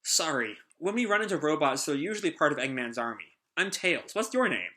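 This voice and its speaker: A man's voice: fairly high pitch, very animated, fairly quick, bright, forceful tone. A man reading an earnest young fox sidekick. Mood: polite.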